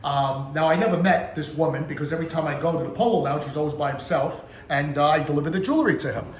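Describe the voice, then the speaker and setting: A man's voice: on the high side, fast, a little hiss or hum. A man hosting a storytelling vlog as a jeweler, telling an anecdote and acting out what people said. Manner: animated storyteller, acts out quotes. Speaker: jeweler and channel host. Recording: echoey room with faint ambience.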